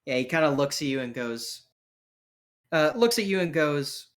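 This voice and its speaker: A man's voice: a little high, sing-song, normal speed. A man narrating a tabletop role-playing game as game master, in a casual, vivid way. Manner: casual, vivid, with fillers and restarts.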